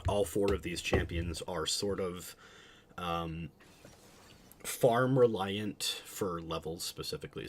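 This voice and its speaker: A man's voice: low-pitched, slight background noise. A young man from Utah with a subtle Utah accent, chatting casually to his stream in a rambling, hesitant way with lots of fillers. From Utah, USA.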